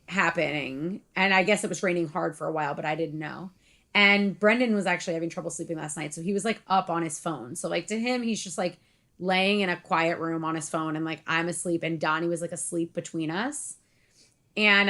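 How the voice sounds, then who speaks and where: This young woman co-hosts a podcast in a fairly low, somewhat bright voice. Her casual chat rambles, leans heavily on "like," and is full of laughter.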